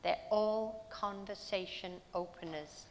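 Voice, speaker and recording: A woman's voice: medium pitch, takes it slowly, big-room sound, slight background noise. A woman preaching a sermon in a church, telling stories earnestly and asking her listeners rhetorical questions.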